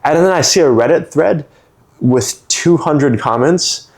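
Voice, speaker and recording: A man's voice: fairly high pitch, unhurried, a little mellow. A man from San Francisco telling a long story in a casual podcast chat, rambling with lots of "like" fillers and acting out other people's lines. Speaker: storytelling guest.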